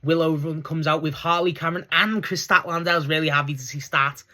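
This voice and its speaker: A young man casually recapping a wrestling show, excitable and rambling, laughing often as he talks. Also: fairly high pitch, fast.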